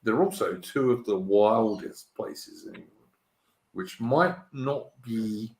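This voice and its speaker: A man's voice: fairly low pitch, takes it slowly, darkish tone. Blunt, stammering man in an echoey room. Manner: stammering restarts, blunt and swearing. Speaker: host. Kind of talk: casual podcast chat.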